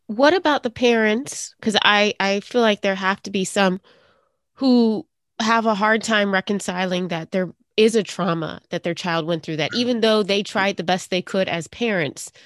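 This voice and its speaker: A woman's voice: mid-range voice, normal speed, dry recording. A woman interviewing a guest, attentive and asking probing questions. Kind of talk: conversational interview.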